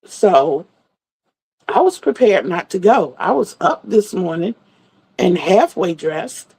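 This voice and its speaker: A woman's voice: fairly low pitch, very animated, slow pace, gravelly, darkish tone, slightly rough, low-quality recording. A middle-aged woman hosting a livestream, chatting in a rambling, storytelling way and greeting viewers. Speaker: livestream host. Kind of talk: casual livestream chat.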